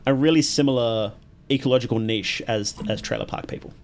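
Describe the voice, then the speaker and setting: A man's voice: medium pitch, a little fast, slight background noise. An Australian man streaming a horror game live, chatty and reactive, asking questions aloud as he plays. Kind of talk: live gameplay commentary.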